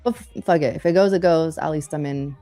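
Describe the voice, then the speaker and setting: A young woman with a lowish voice chats casually on a live trading stream, lively and quick to laugh as she tells stories between trades. Faint music runs underneath her talk. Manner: chatty, animated storyteller, laughs often. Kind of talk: casual chat while day trading.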